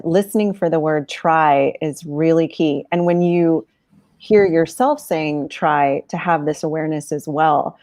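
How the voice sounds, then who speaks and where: A woman's voice: darkish tone, no room sound. Enthusiastic woman with a dry, close sound. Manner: enthusiastic, bursts into high laughter. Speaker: guest facilitator. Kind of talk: casual livestream chat.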